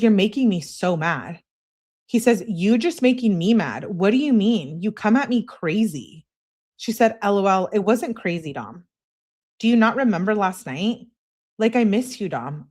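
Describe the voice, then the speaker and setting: A woman reads text messages aloud for a live stream, voicing both sides. She is animated and breaks off now and then for a wry aside of her own. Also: medium pitch.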